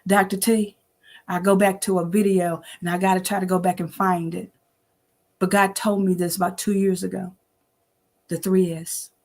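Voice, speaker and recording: A woman's voice: fairly low pitch, darkish tone. A woman in her sixties giving a preachy, familiar faith talk on a livestream, greeting viewers by name and laughing often. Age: 60s. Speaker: host of an online inspirational show.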